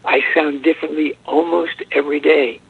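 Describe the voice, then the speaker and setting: An older man, a voice actor guest, telling rambling anecdotes in a casual interview over the phone, with a soft, husky voice. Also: a little high, fairly even intonation, moderate pace. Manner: chatty, rambling anecdotes with restarts. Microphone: telephone. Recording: dull lo-fi phone line.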